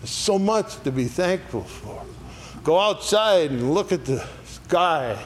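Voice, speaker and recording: A man's voice: fairly high pitch, animated, slow, a little hiss or hum. A man teaching an adult Sunday school Bible lesson in a church classroom, folksy, often checking in with "all right?". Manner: folksy, asks "all right?" after each point.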